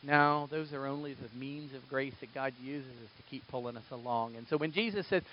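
A man preaching a sermon, moving between quiet, low passages and loud, emphatic bursts. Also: fairly quick, hardly any pauses, highs cut off. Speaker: pastor.

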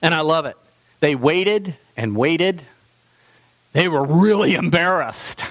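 Guy preaching slow, animated, voice jumps all over, kinda muffled lo-fi sound. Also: a little high. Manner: animated, acts out quoted voices for humor. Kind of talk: sermon.

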